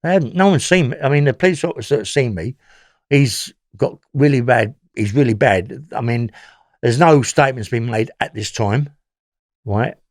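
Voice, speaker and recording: A man's voice: medium pitch, moderate pace, dry recording, studio quality. A man with a London accent telling his story as an interview guest, rambling and often checking in with "yeah?".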